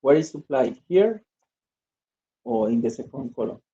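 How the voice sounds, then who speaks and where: A man's voice: mid-range voice, sing-song, normal speed, long pauses, mellow. A male English teacher, reading exercises aloud and drilling word stress in an online lesson. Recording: dull lo-fi audio.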